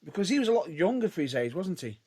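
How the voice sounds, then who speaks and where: Male podcast co-host, casual chat, hedges a lot, lively bouncing pitch. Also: quick pace, slightly rough. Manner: hedging, restarts often, lively rises and drops.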